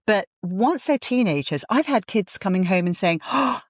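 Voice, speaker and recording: A woman's voice: mid-range voice, lively intonation, normal speed, dry recording, studio quality. A middle-aged woman hosting a parenting interview, reflective and affirming as she talks it through. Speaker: parenting podcast host. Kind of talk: conversational interview.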